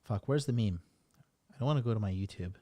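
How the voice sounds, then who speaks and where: A man's voice: fairly low pitch, fast talker, dark tone, dry recording. A man running a casual livestream as a dating coach, talking in a rambling, blunt, profane way.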